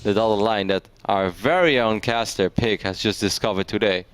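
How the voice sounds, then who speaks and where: With a lowish voice, a man casts a live esports match, chatting away and laughing easily as he tells anecdotes to his co-caster.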